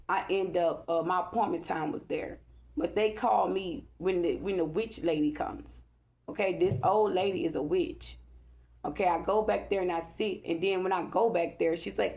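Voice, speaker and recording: A woman's voice: on the low side, normal speed, vocal fry, a little mellow. A woman talking to her viewers in an agitated, profane, repetitive rant. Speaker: vlogger. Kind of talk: angry rambling monologue to camera.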